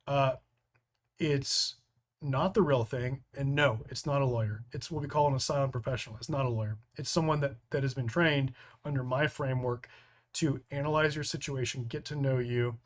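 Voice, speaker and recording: A man from the United States with an American accent, hosting a live training stream, reading out viewer comments and answering them in a loose, rambling way. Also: mid-range voice. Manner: rambling, full of restarts and fillers.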